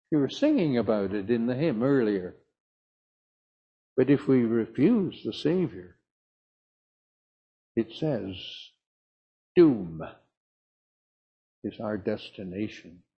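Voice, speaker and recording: Older male preacher, husky and unhurried, lively pitch, dull lo-fi sermon recording. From south of England. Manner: slow, emphatic, storytelling preaching.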